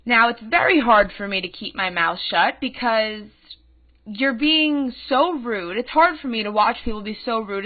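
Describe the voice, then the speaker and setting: A twenty-one-year-old woman hosting a podcast, telling a story in an indignant and emphatic way, heard through a tinny phone-like sound. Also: a little high. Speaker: podcast host. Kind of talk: casual ranting storytelling.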